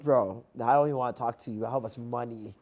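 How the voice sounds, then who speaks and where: A young man guesting on a podcast, telling animated stories in casual chat, swearing freely and calling people "bro.". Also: mid-range voice, fast. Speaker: podcast guest and stand-up comedian. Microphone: clear guest mic.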